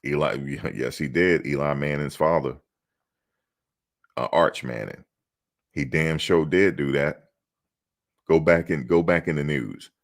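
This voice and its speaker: Deep gravelly dude riffing on football, super low voice, cracking jokes and doing bits. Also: male voice, measured pace, pauses often. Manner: animated, joking, acts out quotes in mock voices. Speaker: sports show host. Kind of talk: casual sports talk.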